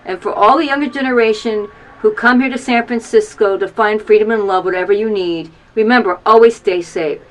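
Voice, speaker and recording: Facing the camera in a little video booth, a woman in her fifties gives a heartfelt HIV testimony, openly emotional and urging listeners to act again and again. She talks briskly, her voice now and then dropping low, and the recording is rough.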